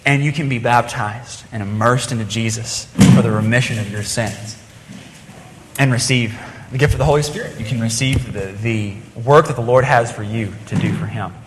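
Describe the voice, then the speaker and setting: A man's voice: mid-range voice, moderate pace, background noise. A man preaching a sermon in church, earnest and plain-spoken, with frequent restarts as he tells a story. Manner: earnest, rising and falling delivery with restarts. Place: church sanctuary. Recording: long reverb of a hall.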